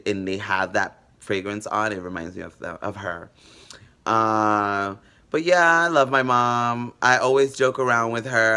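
A male vlogger telling funny stories in casual storytelling mode. His voice is bright and forward, and he talks in an animated, joking way with big swings in pitch. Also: smooth.

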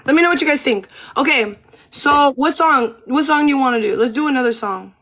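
A woman's voice: high-pitched, brisk, fairly bright tone. A young woman hosting a phone livestream from home, chatting casually with viewers in a giggly, slangy way. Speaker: livestream host.

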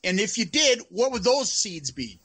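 A man's voice: high-pitched, very animated, moderate pace, fairly bright tone. A man co-hosting a casual podcast chat, swearing freely and laughing often. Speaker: podcast co-host.

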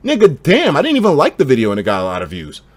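Animated, slangy young male streamer. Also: fast talker, dry recording. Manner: slangy, profane, swings between hyped shouting and low mumbling. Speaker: streamer reading chat. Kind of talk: casual livestream chat.

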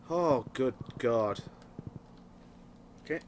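A man's voice: sits high, huge pitch swings, takes it slowly, pauses often, slight background noise. A man hosting a let's play, easily amused, laughing and talking to his game horse in mock-grand tones. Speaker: gaming channel host. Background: game music.

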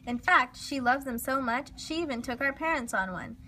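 Bright, expressive woman reading a storybook. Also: high voice, normal speed, a little hiss or hum. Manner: lively, expressive. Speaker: storybook reader. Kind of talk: children's storybook read-aloud.

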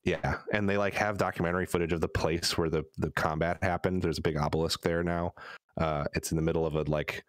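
Deep-voiced man in rambling podcast chat. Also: level tone, brisk, no room sound, clean studio sound. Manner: rambling, many restarts. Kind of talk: casual chat.

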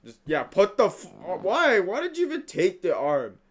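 A young man hosting a reaction video, talking back to the screen with excitable outbursts and mumbled asides. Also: sits high, moderate pace. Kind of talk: casual reaction commentary.

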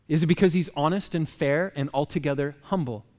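Fairly high in pitch but darkish in tone, a pastor talks fairly quickly, his voice carrying the sound of a big room. The church sermon is chatty and full of jokes, with rhetorical questions fired at the congregation.

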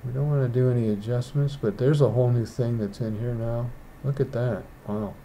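A man's voice: medium pitch, steady tone, a little fast, dark tone, a little hiss or hum. A man who is a digital artist, rambling and thinking aloud as he walks through a casual painting tutorial indoors. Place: indoors, rain outside.

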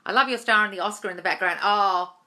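A manifestation coach in her thirties hosts a live-stream Q&A from a room at home, captured on a phone or webcam. Her medium-pitched voice is fast, bright and forceful as she reads viewers' comments aloud and answers bluntly and casually, calling them darling and swearing freely.

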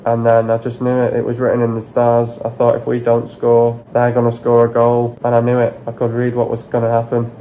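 A man rants through a football breakdown in a mellow, low-toned voice that barely rises or falls. He is blunt and sweary, hammering the same complaints again and again. A faint hiss sits under the recording. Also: monotone, brisk, hardly any pauses, rough recording. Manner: frustrated, repetitive, blunt and sweary. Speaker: football fan vlogger. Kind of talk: ranting match analysis vlog.

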